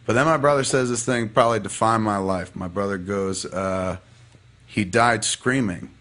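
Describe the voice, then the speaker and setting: A man's voice: fairly low pitch, flat delivery, brisk, fairly bright tone. A man casually telling a personal story as a podcast guest, profane and rambling but heartfelt.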